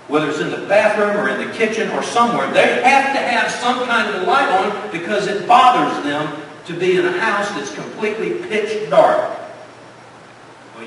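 A male pastor preaches with emphasis in a fairly high voice, posing rhetorical questions and then falling quiet. He is picked up from a distance in a church hall, so the sound carries a long reverberating echo. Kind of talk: sermon. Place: church sanctuary. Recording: echoey church hall from far off, faint noise.

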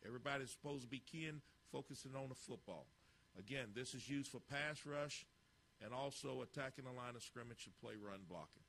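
A man's voice: mid-range voice, a little fast, a bit bright, a little hiss or hum. A man coaching football, narrating drill footage with blunt, clipped instructions and critiques.

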